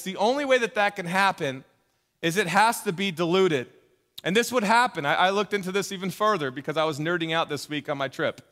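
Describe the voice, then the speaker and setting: A pastor delivering a sermon in a conversational way, mixing emphatic points with jokey asides. His voice is high and bright, and the long reverb of a church hall rings around it.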